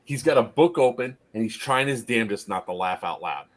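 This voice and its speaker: A man casually telling a long story on a podcast as its host, animated and often laughing. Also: medium pitch, fairly quick. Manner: animated anecdote teller, laughs through his story.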